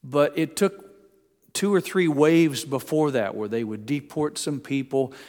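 A man preaching a sermon in a conversational way, often slowing down and dropping to a hush for emphasis. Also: fairly high pitch, big-room sound. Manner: conversational preaching with many restarts, slows and hushes for emphasis. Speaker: pastor.

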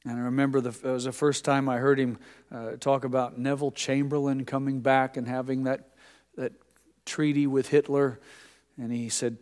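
An older man delivers a sermon in an easy, conversational way. He drops to hushed tones and then rises to emphatic phrases. His mid-pitched voice rings out with the long reverb of a large sanctuary. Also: little pitch movement, normal speed. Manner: conversational preaching with dramatic volume swings. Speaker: pastor. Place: church sanctuary.

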